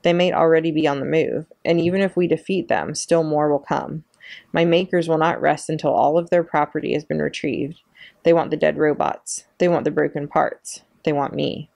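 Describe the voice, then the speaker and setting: A woman voicing a calm, battered storybook robot. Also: deep voice, moderate pace, gravelly, no echo. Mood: calm, earnest. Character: gentle, calm female robot, battered and frail.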